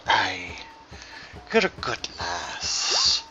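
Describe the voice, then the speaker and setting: A man's voice: mid-range voice, expressive, measured pace, sharp tone. A man voicing an older, one-legged, drunk and grandfatherly male gnome, rambling with many fillers, over music. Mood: gentle.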